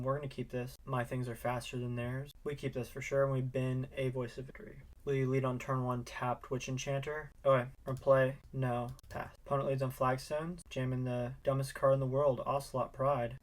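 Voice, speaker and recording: Wry man muttering over an online card game. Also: mid-range voice. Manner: chatty, wry, muttering asides to opponent. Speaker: content creator playing a card game. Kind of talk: casual gameplay commentary.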